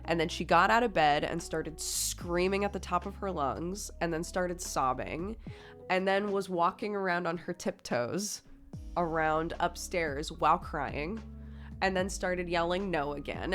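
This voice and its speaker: A woman streamer tells a story in a relaxed, rambling way, filling her sentences with "like" and laughing as she goes. Her voice sits a little low for a woman. Soft music plays faintly behind her. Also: measured pace. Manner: chatty, full of "like" fillers, laughs through the telling. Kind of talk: casual storytelling to a live stream chat.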